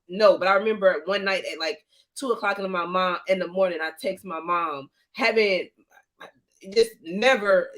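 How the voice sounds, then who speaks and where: A woman with a bright, sharp voice talks eagerly in casual spiritual chat. She keeps breaking off her phrases and starting them again. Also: medium pitch. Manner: eager, halting, trails off.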